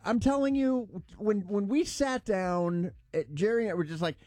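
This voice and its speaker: A man's voice: high-pitched, moderate pace, dry recording. A man co-hosting a radio show, telling a story in casual on-air banter and acting out the quotes. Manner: animated storyteller, acts out quotes.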